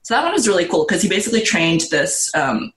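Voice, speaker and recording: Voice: medium pitch, very animated, fast talker, fairly bright tone, roomy sound. A podcast co-host chatting casually, meandering and good-humored, with frequent hesitations. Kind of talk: casual chat.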